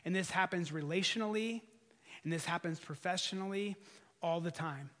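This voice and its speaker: A man preaching a sermon in a conversational way, pushing up for emphasis and then dropping low and soft. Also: moderate pace, big-room sound. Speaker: pastor.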